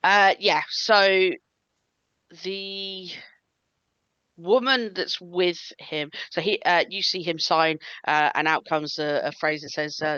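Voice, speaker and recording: Woman, game master narration, crisp, bright, dry, many fillers. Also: low-pitched, level tone, unhurried, no room sound. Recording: dull lo-fi sound.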